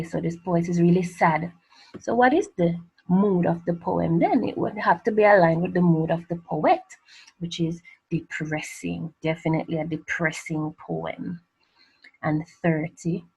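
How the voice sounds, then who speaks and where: A woman teacher explains exam answers in a patient, conversational way. Her voice sits low and has a breathy, husky edge. She keeps posing rhetorical questions and then answering them herself. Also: darkish tone, muffled recording. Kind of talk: exam revision lesson.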